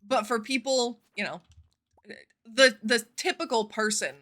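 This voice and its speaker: Bright, chatty woman streamer. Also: a little high, a little slow. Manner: chatty, profane, expressive storytelling. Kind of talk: casual live-stream chat.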